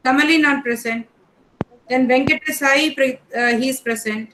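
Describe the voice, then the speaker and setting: Woman teacher, English, high voice, brisk roll call, matter-of-fact. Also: noisy background. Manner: reads names one by one in a brisk, matter-of-fact way. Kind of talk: taking roll call in an online class.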